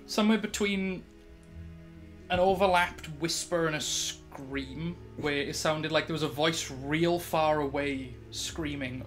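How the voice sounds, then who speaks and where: A British man narrates a tabletop game as its dungeon master, quick and animated, breaking into laughs. His voice sits a touch high. Faint music plays softly behind him.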